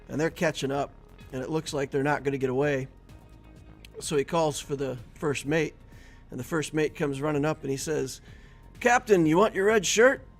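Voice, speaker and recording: Gravelly-voiced man telling jokes on a stream. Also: medium pitch. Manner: chatty, jokey, laughs at own jokes. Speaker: gaming streamer. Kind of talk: casual live-stream commentary with joke telling.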